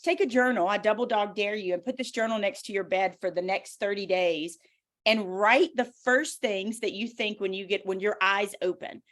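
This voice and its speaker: A woman with a Southern US accent shares personal stories as an interview guest, her voice sitting at an ordinary middle pitch. She talks in an animated, motivational way and leans into each point. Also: normal speed. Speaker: author guest. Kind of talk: casual interview talk.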